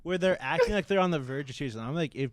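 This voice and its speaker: A man's voice: on the high side, animated, fast, dry recording, clean studio sound. A young man in his twenties co-hosting a podcast, telling profane, ranting stories in casual chat. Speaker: podcast co-host.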